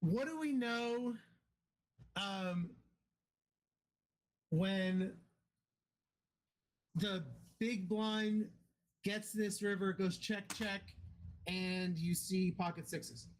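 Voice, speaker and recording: High-pitched guy giving poker advice, blunt and sweary, gets animated. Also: extremely slow, pauses often. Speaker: poker coach. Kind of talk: casual coaching talk.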